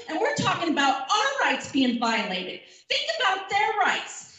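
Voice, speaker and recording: A woman's voice: high-pitched, big pitch swings, normal speed, few pauses, fairly bright tone. A woman speaking at a community meeting, emphatic and repetitive, rising to indignation. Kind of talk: impassioned public comment. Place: large community meeting hall. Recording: echoey hall recorded from far off.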